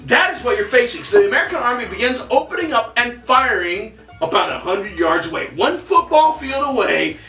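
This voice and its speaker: A man with a high, lively voice and a bright, forceful edge tells history with plenty of swearing. He sounds off-mic in an echoey room. Faint music sits behind him. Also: fairly quick, hardly any pauses, recorded from a distance. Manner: profane, animated, vivid storytelling. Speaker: history podcast co-host. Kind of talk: casual storytelling chat.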